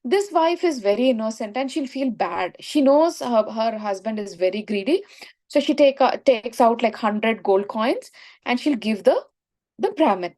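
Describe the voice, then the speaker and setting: A woman's voice: fairly high pitch, expressive, moderate pace, warm tone. A woman telling a moral story in a spiritual lesson, often checking in with "right?". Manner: explanatory, frequent "right?" checks. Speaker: spiritual teacher.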